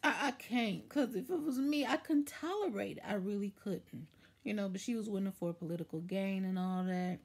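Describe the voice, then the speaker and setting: A woman with a husky, slightly breathy voice talks straight to her viewers, opinionated and sassy. Her pitch sits mid-range but jumps up sharply whenever she stresses a point, giving her chat an animated, emphatic bounce. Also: normal speed. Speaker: YouTube commentary host.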